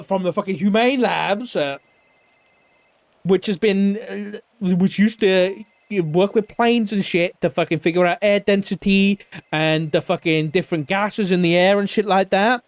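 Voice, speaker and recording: A man's voice: high voice, clean tone, dry recording. A man recapping an investigation in character, rambling and swearing a lot, sometimes mimicking other people. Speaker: roleplay streamer.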